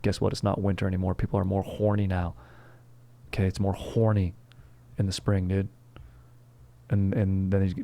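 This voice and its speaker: A man's voice: low voice, little pitch movement, normal speed, creaky, pauses often, warm tone. A young man hosting a comedy history show, rambling in a slangy, profane way and calling everyone dude and bro. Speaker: comedy history podcast host.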